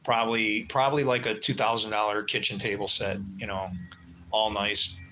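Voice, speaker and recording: Older male livestream host in his sixties, low-pitched but with a bright, edgy bite, blunt and profane, rambling through stories, faint room hum behind. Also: little pitch movement, normal speed, low-quality recording. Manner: blunt, swearing storyteller who mutters asides. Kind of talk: casual rambling livestream chat.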